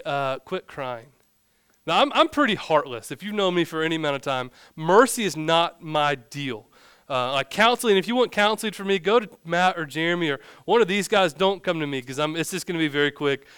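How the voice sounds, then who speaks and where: A man's voice: fairly high pitch, fairly bright tone, clean tone, no echo, clean studio sound. Man preaching a casual, joking sermon. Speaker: pastor.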